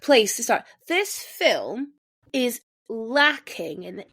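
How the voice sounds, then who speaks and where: A woman hosting a podcast, talking casually and emphatically, with her pitch leaping up on stressed words. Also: big pitch swings, extremely slow, a bit bright, slightly rough, no room sound, clean studio sound. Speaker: podcast host.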